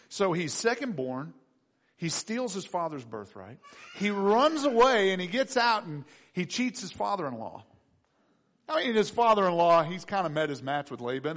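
A pastor preaching a conversational storytelling sermon, animated and asking the audience questions. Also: male voice, high-pitched.

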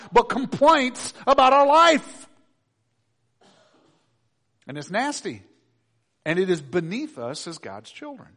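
High-voiced animated male preacher. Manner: animated, acts out complaining voices. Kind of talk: sermon.

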